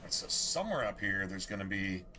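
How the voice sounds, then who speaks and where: A man's voice: low-pitched, very animated, a little fast, pushed and bright, a little hiss or hum. A man streaming a game, rambling casually with a lot of swearing and exasperation. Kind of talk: casual gameplay commentary.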